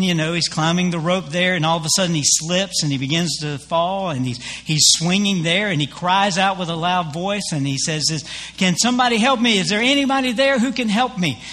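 A man's voice: on the high side, bright, forceful tone. A man preaching a sermon as pastor, telling stories in a folksy way with many fillers and restarts.

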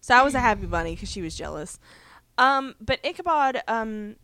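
A woman's voice: on the high side, normal speed, no room sound. A woman co-hosting a podcast, sounding stuffy and chatty as she recaps a TV episode with a lot of fillers. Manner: chatty, animated, lots of fillers. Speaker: podcast co-host. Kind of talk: casual chat recapping a TV episode.

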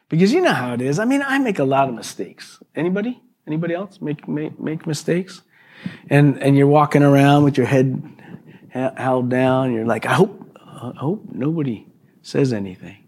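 A man's voice: mid-range voice, darkish tone. A male pastor preaching a sermon to a congregation, in a chatty style with frequent "okay" and "right?" asides, acting out quoted exchanges with his neighbor. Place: church service before a congregation.

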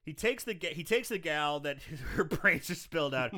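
A man's voice: a little high, moderate pace. A man casually recapping a movie on a podcast, laughing often and acting out the characters' lines. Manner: animated, laughs often, acts out quoted characters. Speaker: podcast co-host recapping a film.

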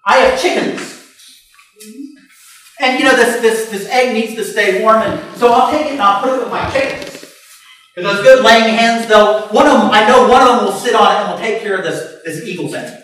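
A man's voice: sits high, moderate pace. Folksy preacher man, echoing from afar. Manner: folksy, lively parable telling with many restarts. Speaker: pastor. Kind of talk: sermon storytelling. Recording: echoey hall from far off, faint music.

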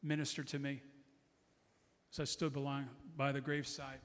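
A man's voice: mid-range voice, completely flat delivery, normal speed. A middle-aged man preaching a sermon as a guest pastor, passionate and repetitive in his declarations, in a church sanctuary. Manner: impassioned preaching with repeated declarations. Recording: long hall reverb.

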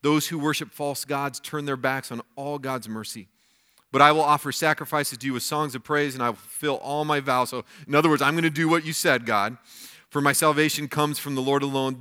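Bright-voiced male pastor preaching. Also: mid-range voice, steady tone, fairly quick, clean tone. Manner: explains scripture, reads passages aloud. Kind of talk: sermon.

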